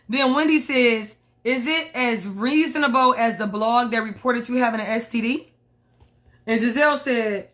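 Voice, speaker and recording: A woman's voice: fairly high pitch, normal speed, fairly bright tone. A woman recapping reality TV in a blunt, sassy, profane commentary. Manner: sassy, blunt, swears a lot. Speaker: reality TV reviewer.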